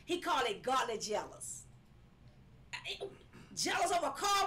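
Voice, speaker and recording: Lady preaching live, high bright voice, swings up and down a lot, faint hiss behind. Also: moderate pace. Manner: emphatic, animated, repeats phrases, breaks into laughing cries. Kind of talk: live-streamed sermon.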